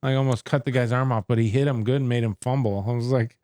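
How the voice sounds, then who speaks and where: A middle-aged man, a former baseball pitcher, telling stories casually in an interview and acting out quoted exchanges. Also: fast talker, smooth, no room sound, clean studio sound. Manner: animated storyteller who acts out quoted exchanges.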